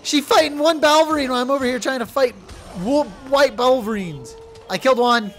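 A young man giving loud, profane let's play commentary, yelling at his game companion. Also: very high voice, a little fast, soft background music. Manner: excitable, swears loudly, yells at his companion. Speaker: gaming video creator.

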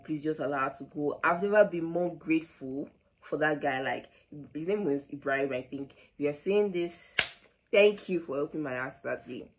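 Nigerian girl doing a storytime vlog, low voice, lots of "like", acts out who said what. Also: rough recording. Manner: animated, with quoted back-and-forth and frequent "like". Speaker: vlogger.

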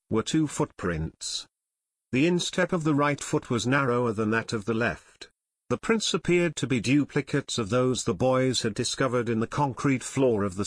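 Male narrator, mid pitch, steady measured read, dry close studio sound. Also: slightly rough, no room sound. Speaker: audiobook narrator. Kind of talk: scripted audiobook narration.

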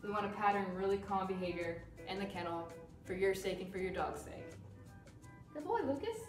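Calm firm woman dog trainer, distant roomy sound. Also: medium pitch, brisk, over music. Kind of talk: instructional demonstration.

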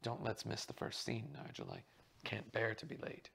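A man's voice: lowish voice, fairly even intonation, moderate pace, creaky, a bit bright, slight background noise. A man voicing an earnest, slightly uneasy male theatre-goer in a read-aloud mystery novel.

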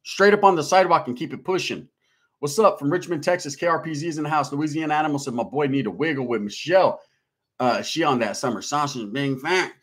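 A man's voice: on the high side, fast. A man hosting a casual livestream, reading out viewer comments in a slangy, laid-back way. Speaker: livestream host.

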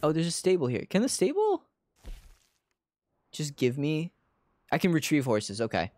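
A man's voice: fairly high pitch, expressive, a little fast, a little mellow, no room sound. A male streamer casually commenting on his game to viewers, swearing freely. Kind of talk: gaming livestream commentary.

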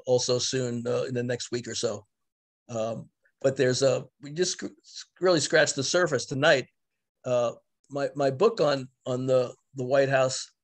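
A man, an author and historian, giving a virtual book talk over a video call. He speaks haltingly, with frequent restarts and fillers. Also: medium pitch. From the Bronx, New York.

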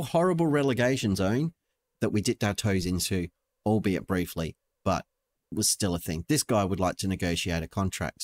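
A young man giving playful, joking let's-play commentary as a gaming channel host. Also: on the low side. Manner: playful, jokey, talks to the screen.

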